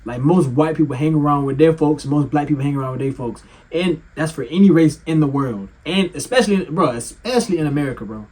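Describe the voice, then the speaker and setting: Heated husky man ranting. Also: a little high, fairly quick, hardly any pauses. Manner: animated, mocking, swears and laughs often. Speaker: commentator reacting to clips. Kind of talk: heated reaction commentary.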